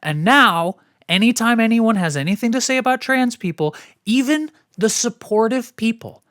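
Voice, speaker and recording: A woman's voice: on the high side, lively intonation, normal speed, fairly bright tone, dry recording. A woman co-hosting a podcast in casual chat, frank and emphatic and swearing freely, on a close mic. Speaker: podcast co-host.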